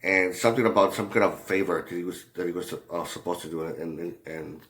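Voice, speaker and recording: A man telling a rambling story in a casual way, halting often, with many fillers and restarts and a lot of swearing. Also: sits low, little pitch movement, fairly bright tone. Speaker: commentator.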